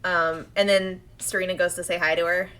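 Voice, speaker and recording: Female co-host with a bright voice, chatty and animated, acting out quotes while recapping. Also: lowish voice, clean tone. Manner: animated, acts out characters' lines in quick quotes. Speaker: podcast co-host. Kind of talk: casual chat recapping an episode.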